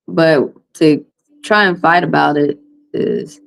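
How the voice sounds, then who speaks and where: Brief: Southern US woman, low-pitched, blunt and heated livestream host, phone mic. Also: takes it slowly, gravelly, low-quality recording. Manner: blunt, heated, repeats points. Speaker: tarot reader hosting a livestream. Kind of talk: livestream venting to viewers.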